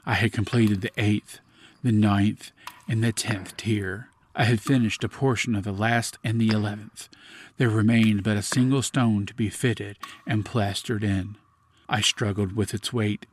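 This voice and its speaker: Man reading a dark classic tale. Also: on the low side, steady tone, a little hiss or hum. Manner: measured, grave storytelling. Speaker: podcast host. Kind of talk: dramatic reading of a classic story.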